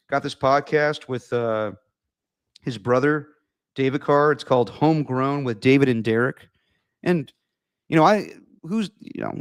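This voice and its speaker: Podcast host, man, mid-pitch, chatty and rambling, dry close mic. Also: smooth, no echo. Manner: rambling, restarts with "I mean". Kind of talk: casual sports chat.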